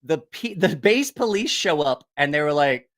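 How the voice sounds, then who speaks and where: Man, fairly high voice, casual profane storytelling, animated, puts on other people's voices. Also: normal speed. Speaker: host.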